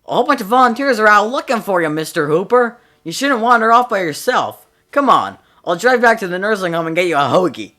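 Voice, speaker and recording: A man's voice: high voice, big pitch swings, fairly quick, hardly any pauses, pushed and bright, pitched above the performer's own voice, heavily acted. A man voicing a friendly police officer talking to a lost old man. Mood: cheerful.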